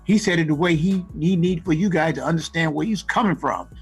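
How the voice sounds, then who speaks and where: A man co-hosting a casual radio show, giving animated advice to recording artists. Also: on the high side, a little fast, breathy edge, faint music behind. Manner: animated, acts out rap lines and ad-libs. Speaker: co-host giving music industry advice.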